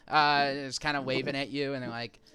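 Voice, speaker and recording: A man's voice: medium pitch, little pitch movement, a little fast, a loud crowd. A man narrating a tabletop game as game master, describing scenes in a rambling, filler-heavy way.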